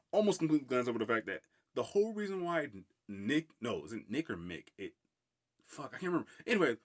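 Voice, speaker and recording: A man's voice: mid-range voice, fairly bright tone. A man hosting a casual solo podcast review of a film, rambling, laughing often and swearing freely. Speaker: podcast host.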